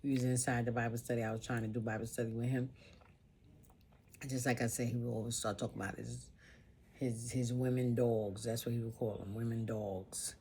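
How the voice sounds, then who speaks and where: A woman's voice: extremely low pitch, flat delivery, a little fast, dark tone, a little hiss or hum. A woman vlogger telling a personal story in an emotional monologue, earnest and informal, piling up repeated phrases.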